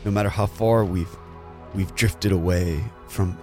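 A man's voice: deep voice, steady tone, a little slow, warm tone, soft background music. A man preaching as a pastor, telling a story in earnest and often repeating words as he restarts. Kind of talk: sermon storytelling.

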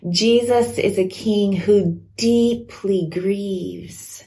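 A woman preaching a sermon, teaching in a measured way and repeating key phrases for emphasis. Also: medium pitch, mellow, low-quality recording.

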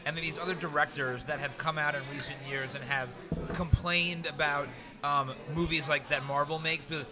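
Profane ranting man, fairly high voice. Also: fairly even intonation, moderate pace, music in the background. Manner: ranting, profane, repeats himself. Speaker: podcast co-host. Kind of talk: casual podcast chat.

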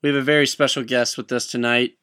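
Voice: medium pitch, flat delivery, quick pace, fairly bright tone, clean tone, faint music behind, lightly acted. A performer voicing an awkward talk show host who stammers and hesitates.

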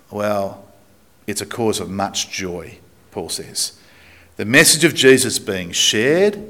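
A man with an Australian accent preaching a sermon to a congregation in a chatty, joking way, slowing down to stress key points. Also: lowish voice, big pitch swings, bright, forceful tone. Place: church, speaking to a congregation.

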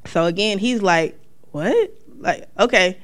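A woman from North Carolina, sharing a personal testimony as a lively storyteller who acts out the lines of the people in her story. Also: on the low side, unhurried, clean tone.

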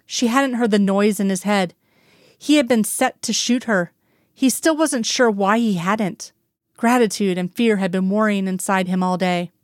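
A woman reads a story aloud in a steady, even narrating voice. Her pitch sits in the middle of the range. The recording is close and dry, with no room sound. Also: normal speed, no echo. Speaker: audiobook reader. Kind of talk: reading fan fiction aloud.

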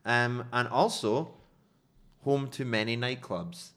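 A man with a fairly low voice co-hosting a comedic news podcast. He reads out headlines and then riffs on them in an animated, casual way, often restarting his sentences. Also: moderate pace. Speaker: podcast co-host presenting news stories.

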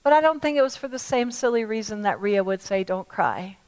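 A woman preacher with a high voice delivers a sermon in church. She talks emphatically and repeats her phrases, rising to loud appeals and then dropping to hushed, slow words. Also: clean tone, low-quality recording. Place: church service.

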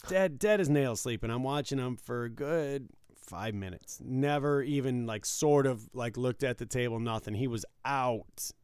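A man chatting casually as a casino dealer, telling a story and acting out the other people's lines loudly. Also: mid-range voice, moderate pace, clean tone, no echo, clean studio sound. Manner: animated storyteller, acts out quotes loudly. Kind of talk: casual podcast chat.

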